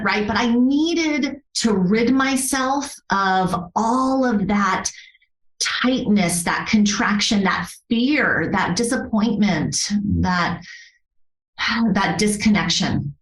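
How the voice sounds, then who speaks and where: A woman being interviewed as a yoga therapist, telling a personal story in an earnest, animated way and laughing often. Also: mid-range voice, takes it slowly. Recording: roomy echo.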